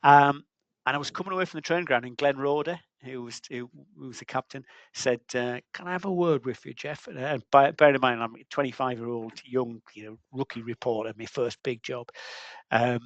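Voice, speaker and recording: A man's voice: mid-range voice, steady tone, a little fast, dry recording, dull audio. A man in his fifties, a football journalist, telling an old anecdote in a rambling way with many restarts. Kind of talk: anecdotal storytelling.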